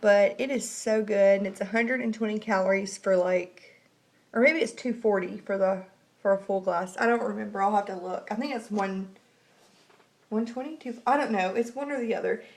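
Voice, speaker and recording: A woman's voice: moderate pace, gravelly. A young woman, vlogging casually while getting over the flu, rambling and chatty. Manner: chatty, rambling, acts out quotes in a high voice. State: recovering from flu. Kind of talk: casual vlog chat.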